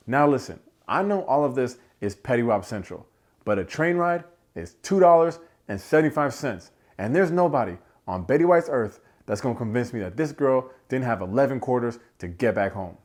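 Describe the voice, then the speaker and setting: A man hosting a casual film review, animated, slangy and joking as he rants. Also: medium pitch, normal speed. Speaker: movie reviewer, channel host.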